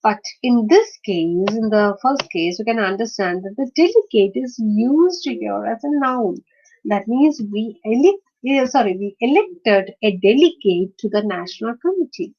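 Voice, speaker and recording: A woman teaching in an online lecture, explaining step by step with many pauses, fillers and restarts. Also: on the high side. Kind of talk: screen-shared online lecture. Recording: dull lo-fi recording.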